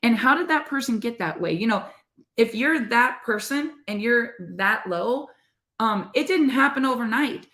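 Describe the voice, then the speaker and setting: A woman's voice: mid-range voice, fairly bright tone. Middle-aged woman podcast co-host, earnest motivational faith talk, casual delivery, roomy echo. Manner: earnest, conversational, addresses listeners as "you guys".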